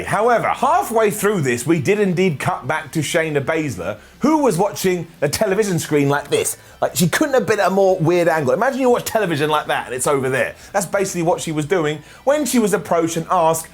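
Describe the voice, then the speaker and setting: A man's voice: a little high, big pitch swings, brisk, hardly any pauses, faint music behind. A man reviewing a wrestling show in a comedic, sarcastic recap monologue. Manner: sarcastic, jokey, mocking asides.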